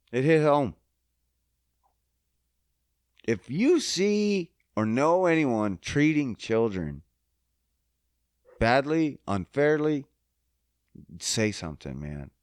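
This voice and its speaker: A man's voice: medium pitch, no echo, clean studio sound. A man hosting a podcast, ranting angrily with heavy profanity and sounding choked up. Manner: angry, heavily profane, emphatic. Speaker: podcast host. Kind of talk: emotional monologue rant.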